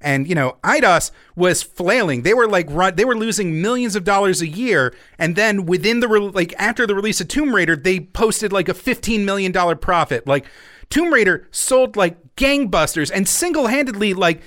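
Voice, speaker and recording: Male podcast co-host, high and bright, animated and jokey. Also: normal speed. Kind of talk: casual chat.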